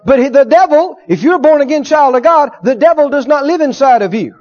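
A man preaching a sermon, animated, acting out little dialogues and swinging from loud to hushed. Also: very high voice, a little fast. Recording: dull lo-fi sermon recording.

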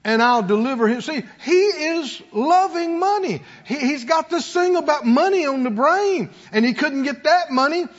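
A man's voice: very high voice, expressive, unhurried, hardly any pauses, highs cut off. A man preaching a sermon as pastor, emphatic, with call-and-response to his congregation.

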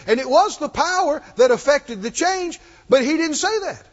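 A man's voice: very high voice, lively intonation, normal speed, hardly any pauses, a bit bright. A man preaching a sermon in a church, emphatic and repetitive, calling on the congregation to repeat after him. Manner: emphatic and repetitive, leads call-and-response. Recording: muffled, with long hall reverb.

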